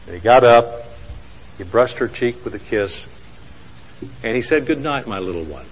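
A man voicing a loving father who speaks softly and tenderly to his little daughter. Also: mid-range voice, lively intonation, normal speed, breathy edge, lo-fi sound. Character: gentle, loving father at bedtime.

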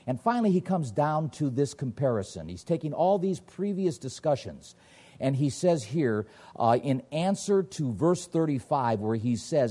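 Male preacher, high animated delivery, husky dark tone, emphatic and questioning. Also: normal speed. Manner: emphatic, rhetorical questions, sweeping pitch swings. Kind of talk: sermon.

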